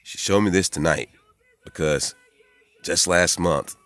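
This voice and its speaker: A man in his forties, rambling excitedly and profanely in a casual monologue, jumping into high voices when he quotes people. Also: a little slow, dry recording, faint music behind. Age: 40s. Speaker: spiritual vlogger.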